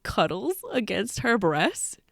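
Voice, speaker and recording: A young woman co-hosting a casual book podcast, recapping scenes and acting out quotes in hushed voices, laughing often. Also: medium pitch, sing-song, slow pace, gravelly, no room sound, studio quality. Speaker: podcast co-host.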